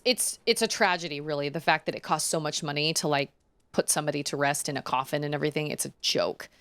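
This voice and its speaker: A woman's voice: sits low, a bit bright. A woman chatting casually while playing a video game, rambling off on tangents and giggling often. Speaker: gaming streamer. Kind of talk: casual let's-play commentary.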